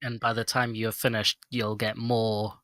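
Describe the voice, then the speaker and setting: A bright, pushed voice delivers deadpan jokes and casual remarks on a podcast. The sound is dry and close. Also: mid-range voice, a little slow, no echo. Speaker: podcast co-host. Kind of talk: casual chat.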